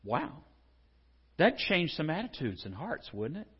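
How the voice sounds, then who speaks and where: A man giving a conversational sermon as a pastor, asking the congregation rhetorical questions and building to animated emphasis. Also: on the high side, measured pace, breathy edge, in a large hall, muffled recording.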